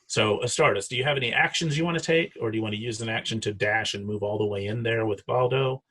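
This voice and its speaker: Guy dming a tabletop game, husky but bright, stops and restarts a lot, laughs easy. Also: on the low side. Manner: easygoing, halting, laughs often. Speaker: dungeon master.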